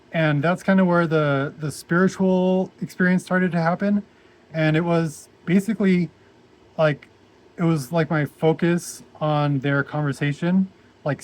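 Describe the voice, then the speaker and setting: A young man telling a personal story in a casual vlog, rambling and halting with many restarts. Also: a little high, fairly even intonation, darkish tone. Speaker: vlogger.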